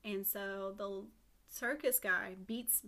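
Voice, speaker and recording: A woman co-host tells a story in loose, casual chat, with a voice that sits in an ordinary middle range. She swears freely along the way. She slips into quick asides for the characters' lines. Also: medium pitch, steady tone, pushed and bright. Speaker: podcast co-host.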